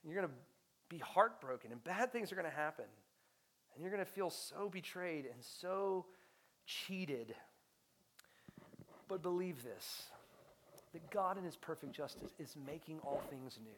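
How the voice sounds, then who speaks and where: A young adult man preaching a sermon as pastor, passionate, rising to loud emphasis and dropping to hushed near-whispers. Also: fairly high pitch, lively intonation, unhurried, long pauses, a little hiss or hum.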